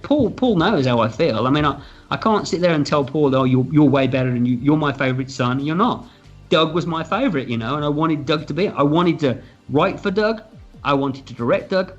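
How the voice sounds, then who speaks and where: A man, a film writer and director, tells behind-the-scenes stories in an interview. He talks in a lively, candid way, acts out quoted dialogue and swears freely. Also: a little high. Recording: slightly dull lo-fi audio with faint music.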